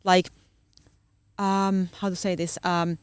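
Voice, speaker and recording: A woman's voice: on the low side, little pitch movement, takes it slowly, clear, resonant tone, no echo. Woman searching for words. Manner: searching for words, many fillers. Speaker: guest dog trainer. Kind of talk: casual podcast conversation.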